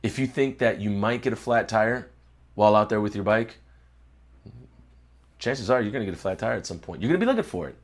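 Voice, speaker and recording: A man's voice: lowish voice, expressive, brisk, pauses often. Reflective man giving a motivational talk. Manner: reflective, declarative, repeats words while searching. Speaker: host.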